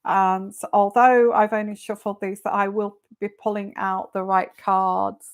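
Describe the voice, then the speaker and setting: Slow, chatty woman reading tarot live. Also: mid-range voice, level tone. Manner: chatty, greets viewers by name, repeats questions aloud. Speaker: tarot reader.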